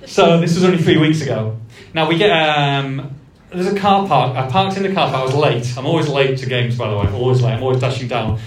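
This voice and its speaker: A man's voice: medium pitch, fairly quick, few pauses, distant mic. A man, co-hosting a live podcast and telling a self-mocking story in a function suite. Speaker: podcast co-host. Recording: roomy live sound from off-mic.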